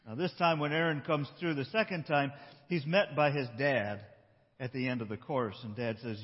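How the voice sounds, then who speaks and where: A man pastor preaching a sermon in a conversational tone, slowing down for emphasis. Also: medium pitch, breathy edge, long reverb tail, highs cut off. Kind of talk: sermon with a storytelling opening.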